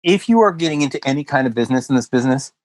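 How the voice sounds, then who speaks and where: A man's voice: medium pitch, expressive, rapid-fire, darkish tone, no room sound, rough recording. Guy comedian telling a rambling story on a podcast, acts out the quotes, dry close sound. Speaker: comedian guest. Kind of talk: casual podcast chat, storytelling. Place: West Hollywood.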